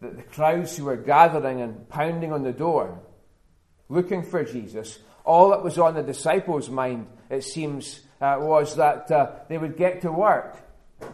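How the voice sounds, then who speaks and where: A man's voice: fairly high pitch, unhurried, a little mellow. Man preaching a sermon in an echoey church. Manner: earnest, builds to emphatic repetition. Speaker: pastor. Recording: roomy church echo.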